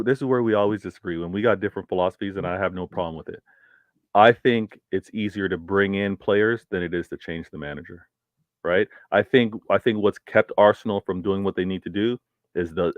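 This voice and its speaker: Brief: male co-host of a sports talk stream, low voice, emphatic and repetitive, dry close mic. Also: dry recording, phone-quality sound. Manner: emphatic, repeats words, stutters. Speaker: co-host of a football talk show. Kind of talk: casual debate on a livestream.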